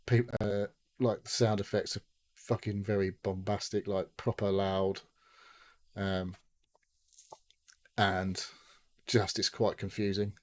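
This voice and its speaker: A man with a fairly low voice chats casually on a gaming podcast. He rambles, swears freely and slips into acting out what people said. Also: little pitch movement, slow pace, long pauses. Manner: rambling, swears a lot, acts out quotes. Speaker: podcast co-host.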